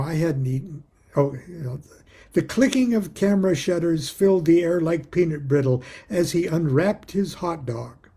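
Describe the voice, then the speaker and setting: A man's voice: on the high side, gravelly, warm tone, slightly rough. A man reading his own book aloud, a wry, chuckling storyteller who breaks off into personal asides.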